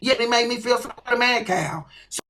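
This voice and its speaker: A woman's voice: fairly high pitch, fairly quick, fairly bright tone, slight background noise, rough recording. A woman hosting her own livestream, ranting bluntly and with lots of profanity. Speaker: livestream host. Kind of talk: ranting live stream.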